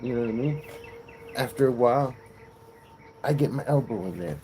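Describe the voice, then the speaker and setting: A man's voice: medium pitch, animated, moderate pace, mellow, slight background noise. A man hosting a casual livestream, chatting playfully and telling a long joke. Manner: playful storyteller. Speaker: livestream host.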